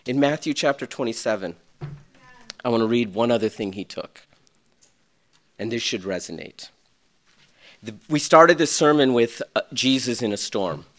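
A male pastor delivering a sermon with wide, dramatic swings in pitch and volume. He builds to loud, urgent peaks, then drops to a hushed near-whisper. His pitch sits at an ordinary middle height for a man.

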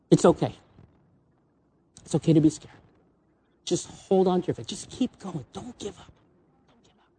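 A man with a husky, breathy voice delivers a sermon, telling personal stories with open feeling. He jumps from bright, excited peaks down to quiet, almost whispered moments. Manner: emotional, swinging between excited highs and soft low asides. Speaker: visiting preacher. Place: church.

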